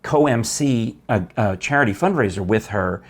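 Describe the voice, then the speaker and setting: Husky-voiced man, chatty talk-show host. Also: fairly low pitch, expressive, moderate pace. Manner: chatty, enthusiastic storyteller with restarts. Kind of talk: casual chat.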